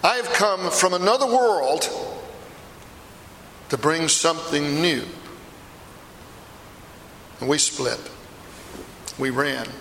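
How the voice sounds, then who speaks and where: A remorseful apostle , played by a man recounts his story first person in a stage monologue, his gravelly voice pushing hard with a slightly high pitch. The sound rings through a reverberant hall with a long tail. Faint room noise hums behind him. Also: slow pace, long pauses, a bit bright, full character voice. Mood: earnest. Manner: intense storytelling, swells to anguished outbursts. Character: remorseful apostle, a middle-aged fisherman telling his story.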